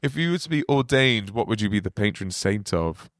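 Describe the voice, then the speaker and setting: A man's voice: fairly low pitch, lively intonation, fairly quick, no room sound, clean studio sound. A man hosting a comedy podcast, asking questions in a teasing, bawdy way and laughing a lot. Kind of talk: casual comedic interview.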